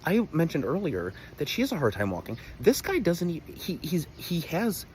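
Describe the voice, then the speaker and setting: A man's voice: a little high, wildly swooping pitch, normal speed, a little mellow, a little hiss or hum. A young man rambling through a comedic personal story to camera, exaggerated and full of asides. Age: young adult.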